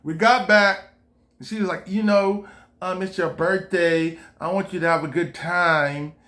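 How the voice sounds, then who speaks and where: A man's voice: high-pitched, unhurried. A man. He acts out both sides of the conversation with big swings of energy, swearing freely and laughing as he goes. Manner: animated, re-enacts dialogue, swears freely, laughs while telling. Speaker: storyteller. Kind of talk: casual storytelling to camera.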